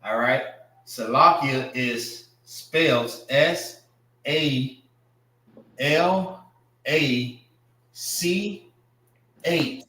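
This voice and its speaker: A man leads a classroom language lesson, speaking at an unhurried pace and drilling each word over and over, spelling it out. His tone is casual and plain. The sound carries the roomy echo of a classroom. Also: on the high side, fairly bright tone. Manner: casual, repeats and spells out words slowly. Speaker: class instructor.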